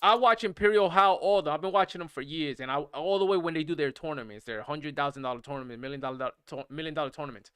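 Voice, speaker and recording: A gaming streamer in his thirties rants in disbelief while playing, repeating himself, incredulous and animated. His voice is a little high, and he talks fast with few pauses. The tone is clean, with no echo.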